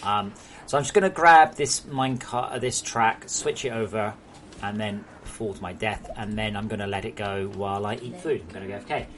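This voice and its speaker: A man's voice: on the low side, a little fast, noisy background. A young English man chatting casually while streaming a game at home, joking and swearing freely. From England. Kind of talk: casual live-stream chat.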